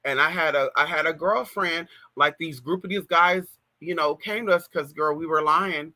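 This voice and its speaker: A woman's voice: deep voice, normal speed, bright, forceful tone. A trans woman in her thirties from California, telling a gossipy story on a casual livestream and talking straight to her viewers with lots of "girl" and "y'all" asides. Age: 30s. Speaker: livestream host. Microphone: plug-in mic on a live stream.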